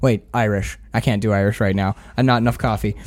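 A man's voice: lowish voice, fairly even intonation, fast talker, darkish tone. A man co-hosting a casual film podcast, talking animatedly, swearing and acting out quoted lines. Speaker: podcast co-host.

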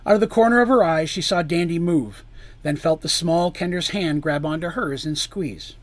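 A man reading a fantasy story aloud with drama, his voice sinking low and quiet on grim lines and lifting louder on tense ones. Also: moderate pace.

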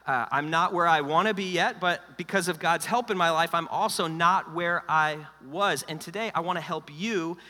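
Middle-aged male pastor, higher, crisp voice, preaching in a reverberant church hall. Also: moderate pace, few pauses. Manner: energetic, joking, then quiet and personal. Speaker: lead pastor. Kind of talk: sermon.

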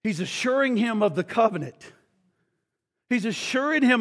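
A male preacher giving an impassioned sermon who swings between shouting and hushed speech. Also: extremely high pitch, lively intonation, normal speed, pauses often, big-room sound.

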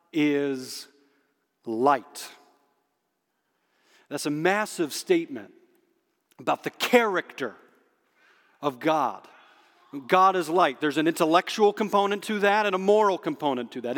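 Male pastor, emphatic sermon delivery, slightly higher voice, long hall echo. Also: fairly bright tone. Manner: emphatic, slows down on key phrases. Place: church sanctuary under stage spotlights.

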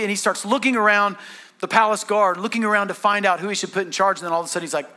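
A man with a high-pitched, ringing voice preaches a sermon. He tells the story in an animated way, slipping into the voices of the characters as he goes. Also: rapid-fire. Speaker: pastor.

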